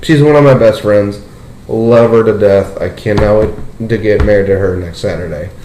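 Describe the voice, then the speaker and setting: A young man hosting a casual podcast chat, telling a story with lots of "like" and "dude" and jumping up in pitch when he gets excited. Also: normal speed, a little hiss or hum. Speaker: podcast host. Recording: roomy echo.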